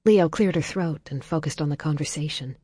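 A woman reading a novel aloud as audiobook narrator in a calm, measured way, dropping soft in tender passages. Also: low voice, slightly rough, dry recording, studio quality. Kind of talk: scripted narration.

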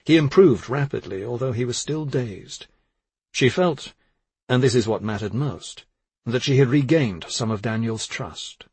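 A man narrating a thriller in a measured, subdued reading. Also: mid-range voice, expressive, darkish tone, husky, no echo. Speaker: audiobook narrator.

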